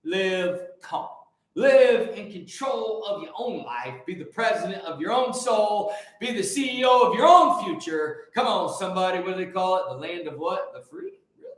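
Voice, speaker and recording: A man giving a rousing, preachy monologue, shifting between shouts and low mutters and breaking into song. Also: expressive, moderate pace. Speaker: host. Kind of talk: fiery motivational monologue. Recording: very echoey room.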